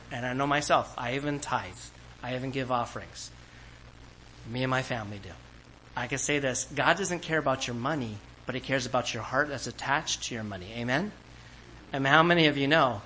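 A male pastor delivers a sermon to his congregation, his voice bright and forward. He keeps it conversational, dropping into little acted-out quotes as he explains. Faint church ambience sits behind him. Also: medium pitch, a little hiss or hum, low-quality recording.

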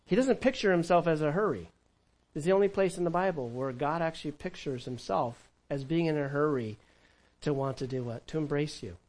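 A male pastor delivers a conversational sermon in a church. His voice sits a little higher than most men's. He swings between emphatic, raised lines and soft, hushed asides. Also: rough recording. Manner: animated, conversational preaching with sudden drops to a hush.

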